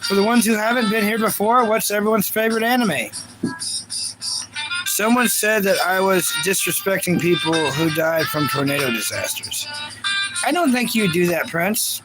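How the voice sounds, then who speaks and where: A man's voice: sits high, animated, moderate pace, low-quality recording. A man from the United States live streaming in casual chat, repeating himself and greeting viewers one by one. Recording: loud music playing behind. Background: loud background music.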